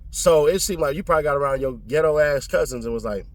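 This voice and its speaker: A man giving casual commentary on a court trial, talking bluntly and profanely in slang, and jumping up in pitch to make a point. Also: quick pace.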